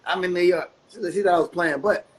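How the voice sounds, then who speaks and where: A middle-aged man, a guest musician telling stories in a casual interview, laid-back and quick to laugh. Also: sits high, fairly even intonation, slight background noise, poor audio. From North Carolina. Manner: laid-back, laughs often, repeats phrases.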